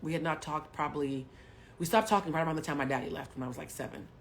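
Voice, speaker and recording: A woman in her forties from Haiti, a spiritual coach telling a personal story on a livestream in a blunt, profane way, swinging from loud bursts to hushed asides. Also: deep voice, quick pace, slight background noise. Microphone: webcam or phone mic on a home livestream.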